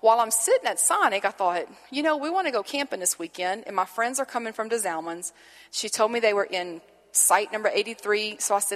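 A woman's voice: mid-range voice, brisk. Woman pastor telling a story in a reverberant hall. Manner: lively, animated storytelling with quoted dialogue. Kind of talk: storytelling sermon.

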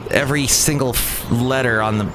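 A man's voice: medium pitch, fairly even intonation, fairly quick. A man with a Californian accent, hosting a podcast in a chatty, wry, rambling monologue. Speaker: podcast host. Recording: traffic noise in background.

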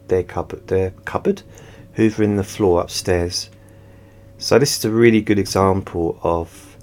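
A hypnotist speaking softly and unhurriedly to his listeners from home, rambling a little as he talks. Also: low-pitched, slight background noise. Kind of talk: soft-spoken talk to listeners. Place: home, quiet room. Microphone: studio microphone.

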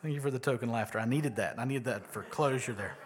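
A man preaching a conversational sermon, asking rhetorical questions and leaning hard on key words. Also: mid-range voice. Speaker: pastor.

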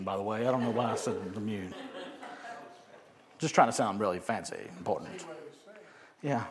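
A man preaching a sermon, animated, swinging from loud emphatic bursts to quiet joking asides. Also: on the low side. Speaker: pastor.

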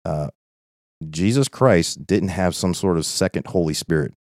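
A man with a very low voice teaches scripture in an earnest, conversational way. He drives points home and keeps checking in with his listeners. The sound is close and dry. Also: animated, measured pace, darkish tone, no echo. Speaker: Bible teacher. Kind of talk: informal Bible study.

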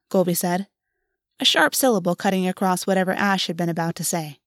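A woman's voice: fairly low pitch, a little fast, no echo. Woman reading fiction aloud, dry sound. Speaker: audiobook narrator.

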